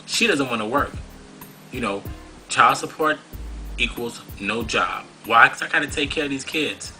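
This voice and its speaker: A man's voice: medium pitch, normal speed, bright, forceful tone, soft background music, low-quality recording. Scolding male talk show host. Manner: preachy, scolding, rhetorical questions. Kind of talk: monologue commentary.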